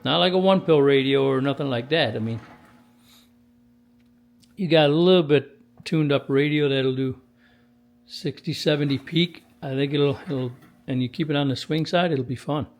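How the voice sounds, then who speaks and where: A man's voice: a little high, moderate pace, gravelly, long pauses. A man in a radio workshop giving casual commentary to a camera while testing and tuning a radio, in a folksy, chatty way. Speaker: CB radio technician.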